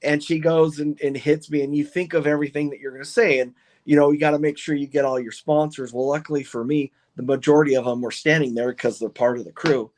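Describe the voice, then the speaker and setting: A man who owns and drives a funny car, telling stories in an excited, rambling way with lots of restarts on a podcast. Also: fairly high pitch, fast. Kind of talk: podcast interview, casual storytelling.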